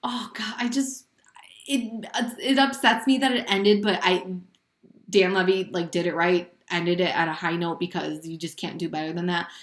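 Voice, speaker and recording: A woman's voice: lowish voice, fairly even intonation, moderate pace. Chatty woman podcaster, echoey room. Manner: chatty, filler-heavy, giggly. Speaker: podcast co-host. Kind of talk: casual chat. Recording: roomy echo.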